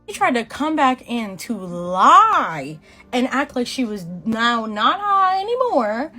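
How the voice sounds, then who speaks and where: Animated young woman telling a story. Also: fairly high pitch, slow pace, soft background music. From Boston, USA. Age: 20s. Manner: animated, slangy, swearing, quotes people in voices. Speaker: beauty vlogger. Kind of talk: storytime vlog while doing makeup.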